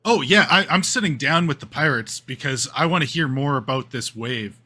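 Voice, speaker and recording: Laid-back surfer-dude player, bright voice. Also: male voice, mid-range voice, moderate pace. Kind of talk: casual in-character banter.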